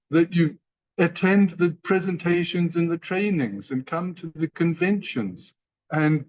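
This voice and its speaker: A man giving a motivational training talk to company partners, emphatic and repeating key phrases. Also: a little high. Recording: dull lo-fi sound.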